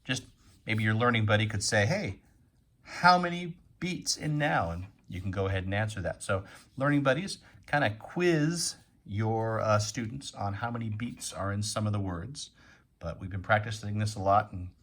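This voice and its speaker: A man's voice: fairly low pitch, moderate pace, a bit bright. A man teaching a phonics lesson to young children, patiently sounding out and repeating words.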